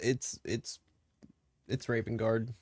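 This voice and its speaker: A man co-hosting a podcast, cutting in with slow wisecracks. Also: mid-range voice, flat delivery, darkish tone, no echo. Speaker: podcast co-host. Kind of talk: casual chat.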